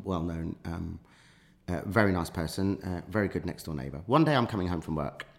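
A man, a podcast guest, telling a long anecdote in casual chat with many fillers and restarts. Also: low voice.

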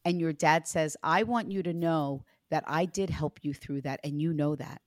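A woman's voice: low-pitched, normal speed, no echo, clean studio sound. A woman working as a psychic medium, giving a reading to a client in an earnest, reassuring way. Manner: earnest, reassuring, animated when retelling.

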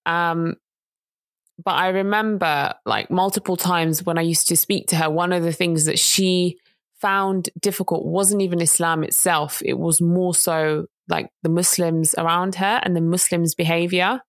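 A woman's voice: lowish voice, fairly even intonation, measured pace, no room sound. A woman, co-hosting a casual chat and telling a story in an earnest way that rises to indignant emphasis. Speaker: podcast co-host.

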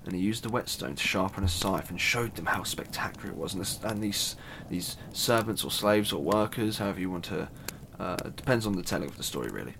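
Gravelly-voiced casual male storyteller. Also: sits low, expressive, a little fast, hardly any pauses, noisy background. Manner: chatty and irreverent, with asides and swearing. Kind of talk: casual retelling of a myth.

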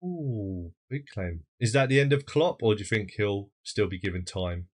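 A male podcast host with a somewhat low voice, leading a casual chat. He talks in a chatty, teasing way and pokes fun at himself. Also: animated, moderate pace. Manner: jokey, chatty, self-mocking.

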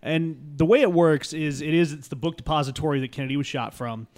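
A man with a slightly raised pitch tells a long comic anecdote in a podcast roundtable. He acts out every character in it, dropping to hushed asides and then bursting loud. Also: a little fast. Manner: acts out quoted voices, swings loud and soft. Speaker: podcast guest. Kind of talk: animated comic storytelling.

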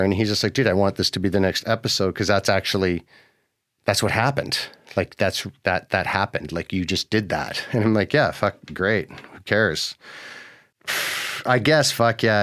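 A man's voice: lowish voice, no echo, clean studio sound. A man hosting a podcast, telling a story casually, laid-back and sarcastic, swearing often. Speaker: podcast host.

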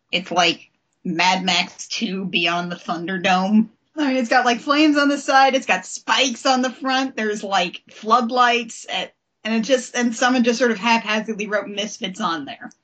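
A woman's voice: fairly high pitch, a little slow, fairly bright tone. A woman co-hosting a podcast, chatting casually through a recap and laughing often. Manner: giggly, playful, laughs often. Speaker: podcast co-host.

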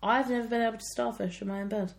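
A woman's voice: on the high side, fairly even intonation, racing, vocal fry, a little hiss or hum. A woman, co-hosting a podcast in casual, self-deprecating chat. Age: 20s. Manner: chatty, self-deprecating, laughs often. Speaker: podcast co-host.

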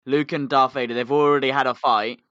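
Bloke co-hosting a podcast, bright lively voice, dry close sound. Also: male voice, medium pitch, fairly quick, dry recording, muffled recording. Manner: lively, swears, trails off quietly. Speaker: podcast co-host. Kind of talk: casual chat.

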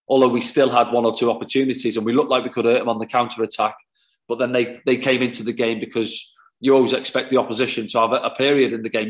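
A former footballer as a podcast guest, analysing a match in long talkative runs with frequent restarts. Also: male voice, mid-range voice. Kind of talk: casual podcast chat.

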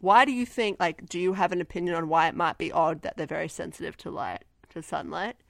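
A woman's voice: lowish voice, a little fast, gravelly, dry recording, clean studio sound. A woman co-hosting a casual movie review podcast, sarcastic and swearing, acting out characters in silly voices. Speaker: podcast co-host.

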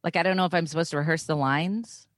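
A woman's voice: low-pitched, steady tone, quick pace, a little hiss or hum. A young woman co-hosting a podcast, chatty and self-deprecating, swearing casually as she talks. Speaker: podcast co-host. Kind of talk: casual chat.

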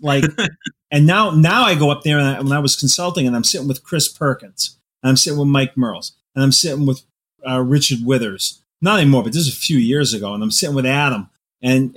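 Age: adult. Sex: man. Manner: animated storyteller. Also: a little high, husky. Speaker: novelist guest. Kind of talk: casual podcast conversation.

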